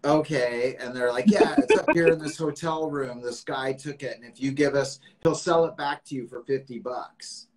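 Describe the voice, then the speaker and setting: A man hosting a casual interview chat, telling a story in an animated way, acting out quotes and swearing. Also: medium pitch, moderate pace, hardly any pauses, rough recording. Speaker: host.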